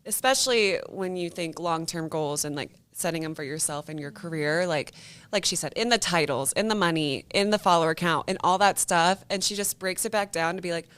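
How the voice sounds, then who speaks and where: A woman co-hosting a podcast in casual chat, laughing often and talking in an animated way. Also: lowish voice, fairly quick, smooth. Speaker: podcast co-host.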